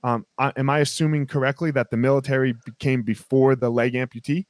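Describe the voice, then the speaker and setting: A man's voice: mid-range voice, level tone, fast talker. A man hosting a podcast, asking blunt, casual questions of his guest. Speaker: podcast host.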